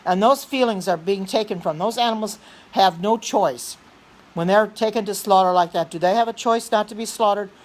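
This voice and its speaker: A woman hosting a livestream, talking insistently and earnestly, often repeating herself, restarting sentences and clearing her throat. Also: mid-range voice, moderate pace. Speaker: livestream host reading chat. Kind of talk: earnest preaching livestream chat.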